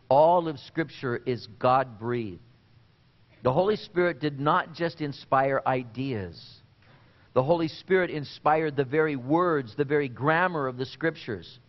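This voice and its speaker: A man preaching a sermon in an earnest way, with deliberate pauses and repeated phrases. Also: medium pitch, dull audio. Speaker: pastor.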